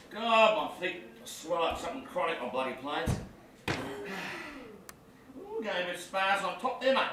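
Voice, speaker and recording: A brash, crude Aussie cricket fan. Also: male voice, on the high side. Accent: Australian. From Australia. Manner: boisterous, swears freely, cracks crude jokes. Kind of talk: comedy film acting. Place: outdoor cricket ground stands. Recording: echoey, distant mic, background noise.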